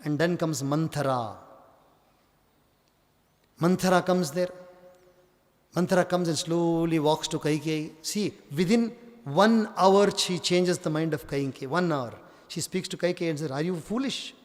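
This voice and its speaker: A male spiritual teacher gives a discourse, leaning hard on repeated phrases. His voice sits high and rings with a long reverb through a large hall. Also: unhurried, long pauses. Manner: emphatic, repeats key phrases.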